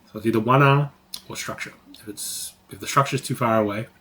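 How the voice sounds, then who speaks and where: A man's voice: medium pitch, a little fast, bright, forceful tone, a little hiss or hum. A man teaching trading on a live stream, talking casually, swearing freely and saying "like" a lot. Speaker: trading educator.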